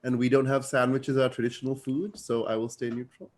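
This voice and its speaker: A man from India, playful and animated, playing a tabletop game. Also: mid-range voice, brisk. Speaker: player.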